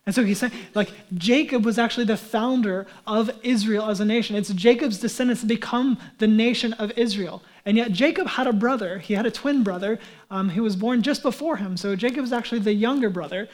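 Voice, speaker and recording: High-voiced man preaching conversationally. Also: a little fast. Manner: conversational, animated preaching with frequent "like" asides. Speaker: pastor. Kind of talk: sermon.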